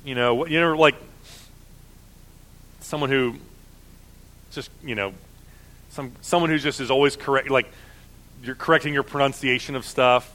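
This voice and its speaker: A man's voice: mid-range voice, steady tone, normal speed, long pauses, pushed and bright. A man preaching a sermon in a conversational way, often acting out the voices of objectors. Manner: conversational, with frequent fillers and mock voices of objectors.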